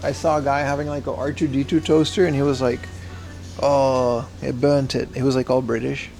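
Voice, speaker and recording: A man's voice: mid-range voice, steady tone, fast, gravelly, a little mellow, faint music behind. A man casually chatting on a livestream as he browses a secondhand shop, slangy and talkative, answering his chat.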